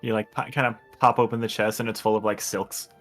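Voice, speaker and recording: A man narrating as game master, talking casually in quick bursts. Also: on the low side, flat delivery, fairly bright tone, faint music behind.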